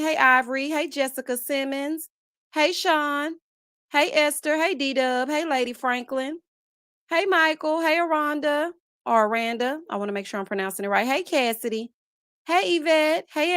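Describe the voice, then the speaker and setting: Chatty high-voiced woman livestream host. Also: normal speed, a bit bright, no room sound, studio quality. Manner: chatty, greets viewers one by one; sassy, playful asides. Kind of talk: casual live-stream chat.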